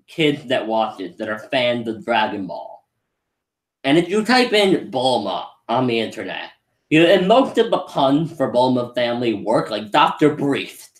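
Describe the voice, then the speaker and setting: A man giving a casual movie review, rambling and often restarting his sentences as he laughs along. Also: mid-range voice. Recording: roomy echo.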